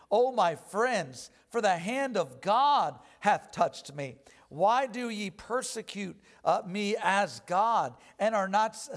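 A man preaching a sermon, reading scripture aloud slowly and with rising emphasis between plain explanations. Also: sits high.

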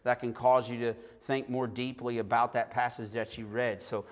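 Earnest preacher in a reverberant hall. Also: male voice, medium pitch, little pitch movement, moderate pace. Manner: earnest, repeats words and restarts often. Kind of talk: sermon.

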